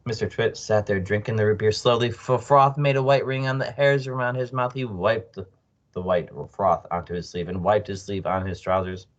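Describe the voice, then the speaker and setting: A man reading a children's book aloud as storyteller, expressive with small slips. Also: fairly low pitch, moderate pace, lo-fi sound. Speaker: storyteller, read-aloud narrator.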